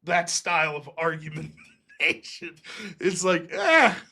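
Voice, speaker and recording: On his live stream, a man in his thirties with a voice on the high side tells a long personal anecdote at normal speed. He curses freely and brings the quoted characters to life by acting out their voices.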